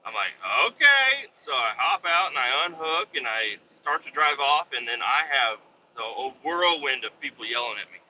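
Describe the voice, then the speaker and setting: Bright-voiced truck driver swearing through a story. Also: male voice, medium pitch, normal speed, dull audio, a little hiss or hum. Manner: rambling, swears casually, acts out quoted coworkers in raised voice. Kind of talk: casual storytelling vlog. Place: inside a truck cab.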